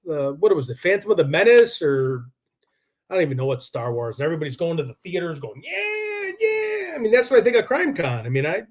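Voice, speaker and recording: A man hosting a live true-crime stream in a rambling, combative way. His voice sits a little higher than most men's. He fills his talk with "like" and restarts. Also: very animated, fast talker. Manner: rambling, combative, heavy use of "like".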